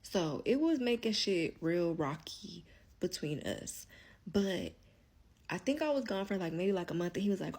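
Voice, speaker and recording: A woman telling a long personal story in a casual, candid monologue, profane and rambling, filling nearly every pause with "like.". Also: on the low side, lively intonation, darkish tone. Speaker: storyteller vlogger.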